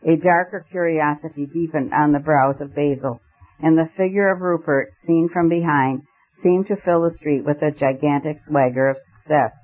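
A man narrating a story aloud as an audiobook reader, in a measured, expressive way. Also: fairly high pitch, dull audio, soft background music. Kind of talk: scripted narration.

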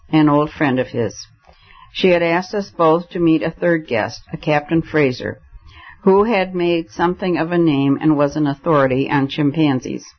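A male narrator reads a classic tale, lightly voicing the characters as he goes. His voice sits a little high. The recording sounds dull and lo-fi. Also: husky. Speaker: audiobook narrator. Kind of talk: scripted narration.

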